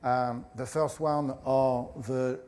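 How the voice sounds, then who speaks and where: A middle-aged man with a French accent, a professor giving a conference lecture in a hesitant way with many pauses and filler sounds. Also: medium pitch, steady tone, a little mellow.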